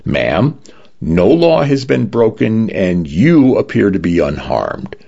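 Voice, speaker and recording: Man as a weary police officer, curt, dismissive, deep gravelly voice, lo-fi. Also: big pitch swings, slow, dark tone, exaggerated voice. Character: irritated, unhelpful male police officer.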